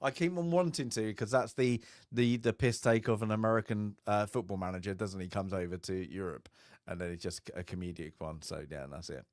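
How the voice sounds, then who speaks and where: A man's voice: on the low side, brisk, a little mellow, dry recording, studio quality. A man, co-hosting a casual chat, rambling and trailing off with easy laughs. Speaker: podcast co-host.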